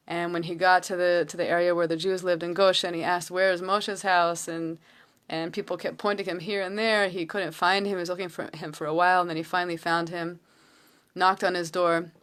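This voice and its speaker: A woman giving a casual, earnest Torah talk from home, retelling a story with halting restarts. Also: lowish voice, flat delivery, a bit bright. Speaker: Torah teacher.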